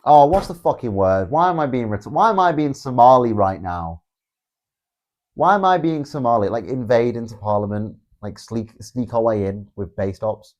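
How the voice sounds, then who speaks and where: A man's voice: medium pitch, expressive, moderate pace, a little mellow. A man, hosting a live stream, reading viewer comments aloud in a rambling, sarcastic way and swearing often. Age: 20s. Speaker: livestream host.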